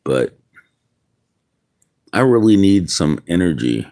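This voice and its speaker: A man's voice: deep voice, lively intonation, slow pace, a little mellow. A man streaming outdoors in the wind, musing aloud in rambling casual chat with viewers. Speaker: livestreamer.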